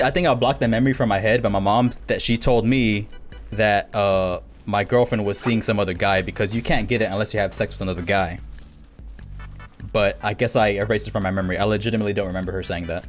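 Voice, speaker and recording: Young male streamer, low-ish voice, animated casual storyteller, faint music under. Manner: animated, acts out quoted people with laughs.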